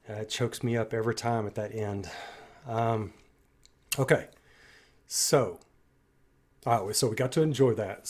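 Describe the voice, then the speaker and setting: A man hosting a music reaction video, breaking down a singer's performance in an enthusiastic, admiring way that rambles with restarts. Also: lowish voice. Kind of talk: music analysis commentary.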